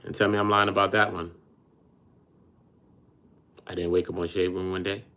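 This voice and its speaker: A man's voice: low voice, little pitch movement, moderate pace, sharp tone, faint music behind. A man hosting a casual livestream, talking in a blunt, boastful way full of street slang. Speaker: livestream host.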